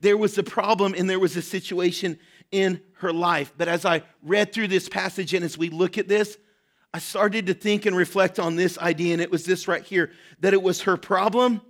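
A man's voice: high-pitched, steady tone, normal speed. A man preaching a sermon, earnest and direct, often checking in with his listeners and voicing a widow's desperate pleas with rising urgency. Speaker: pastor.

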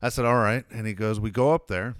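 A man's voice: fairly low pitch, steady tone, a little fast, no room sound, studio quality. A man in casual chat, telling a long, profane family anecdote in a rambling way.

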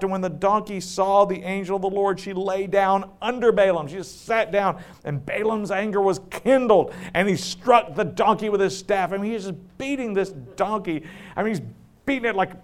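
A man with a high voice preaches a sermon in a loose, conversational way. He tells the story with joking asides and easy laughter, then drops low and slow for the scripture readings.

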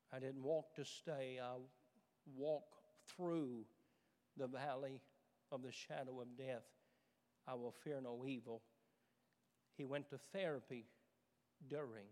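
A man's voice: medium pitch, fairly even intonation, takes it slowly, pauses often, a little mellow. A middle-aged man preaching a sermon as pastor, repeating his phrases and rising to fervent emphasis. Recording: church sanctuary with long reverb.

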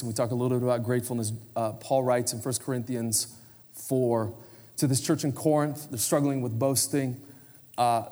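A man's voice: mid-range voice, darkish tone, big-room sound. A man in his forties preaching a conversational sermon in a church, prompting the congregation to answer and turn to each other. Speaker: pastor. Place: church sanctuary.

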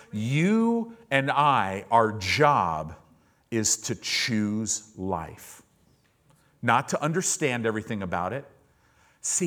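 An animated male pastor preaching to his congregation. His pitch swings widely as he tells stories and acts out the people he quotes, and listeners call back from the pews. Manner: animated storytelling, acting out quoted voices. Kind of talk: sermon. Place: church service with congregation responding.

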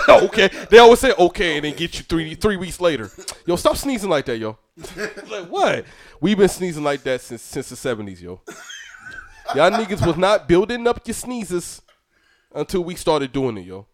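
A man's voice: high voice, big pitch swings, moderate pace. A man with a New York accent, hosting a podcast in loose, joking casual chat, swearing and laughing often. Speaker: podcast host.

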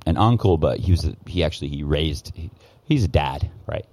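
A man's voice: rumbling low, animated, brisk, a little mellow. A man telling a story in casual podcast talk, heated and profane, often restarting his sentences. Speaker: guest, former news cameraman.

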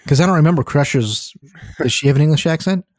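A man co-hosting a casual podcast, halting and joking as he steers the conversation. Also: a little high, no room sound, clean studio sound. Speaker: podcast co-host.

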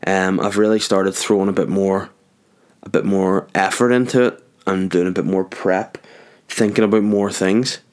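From his garage at home, a young podcast host rambles on alone, joking and chasing tangents. He speaks at normal speed in a low-pitched, level voice with a darkish tone.

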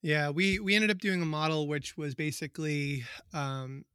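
A man's voice: on the high side, normal speed, bright, forceful tone, smooth, no room sound, clean studio sound. A man who teaches biology, chatting in a rambling, easygoing way and laughing often. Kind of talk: casual conversation.

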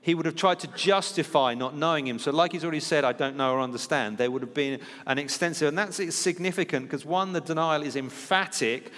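A man's voice: on the high side, brisk, few pauses, a bit bright, in a large hall. A man preaching a sermon in a conversational teaching style, acting out the lines he quotes. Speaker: pastor.

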